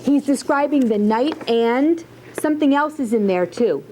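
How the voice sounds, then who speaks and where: A woman's voice: high-pitched, expressive, normal speed, mellow, a little hiss or hum, poor audio. A woman teacher leading a writing lesson, asking question after question and encouraging her students. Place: classroom.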